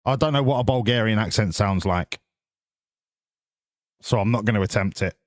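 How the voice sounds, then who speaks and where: This streamer keeps up a crude, rambling, joking commentary on his game, speaking at a moderate pace in a lowish voice.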